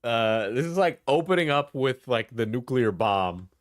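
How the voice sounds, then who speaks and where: A man's voice: mid-range voice, lively intonation, a little slow, dry recording, clean studio sound. Rambling, chuckling guy streamer. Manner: rambling, laughs often, trails off. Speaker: streamer reacting to clips. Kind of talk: casual chat.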